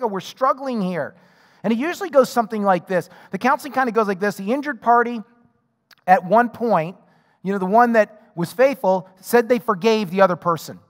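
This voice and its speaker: A male pastor with a high-pitched voice preaches a sermon in a conversational way, often repeating a word as he restarts a thought. He plays out both sides of the conversations in his stories. His voice rings with the long reverb of a large hall. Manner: acts out both sides of dialogues in his illustrations.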